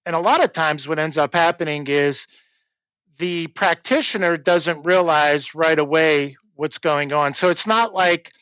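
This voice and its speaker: A man's voice: a little high, normal speed, a bit bright, clean tone, dry recording, rough recording. A man answering interview questions as a fraud expert, earnest and explanatory.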